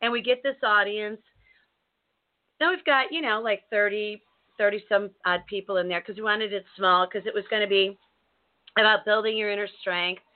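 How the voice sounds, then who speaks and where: A woman co-hosting a talk show, telling a story in a casual, animated way with many restarts. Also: mid-range voice. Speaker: co-host. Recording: narrow phone-like sound.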